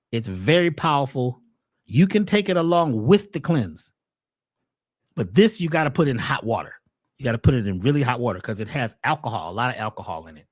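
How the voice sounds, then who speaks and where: Animated man with a lively voice. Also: fairly high pitch. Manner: animated, preachy, full of rhetorical questions. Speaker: herbal health presenter. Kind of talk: casual livestream health talk.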